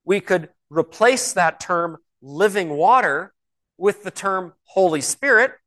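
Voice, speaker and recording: A man preaching a sermon in a conversational way, asking rhetorical questions and slowing down to stress key words. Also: high voice, expressive, a bit bright. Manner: slows and stresses key words when reading scripture.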